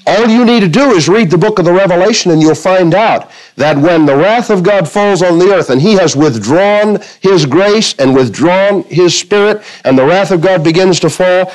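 Male preacher, slightly higher voice, delivers a sermon with stories and slow, drawn-out scripture readings. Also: rough recording. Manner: preaching with illustrations, quoting scripture, varying pace. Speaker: pastor.

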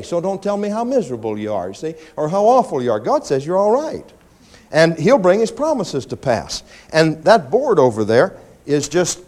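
Animated preaching man, lively pitch. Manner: animated preaching, acts out pleading prayers in a high whine. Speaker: pastor. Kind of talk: sermon. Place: church.

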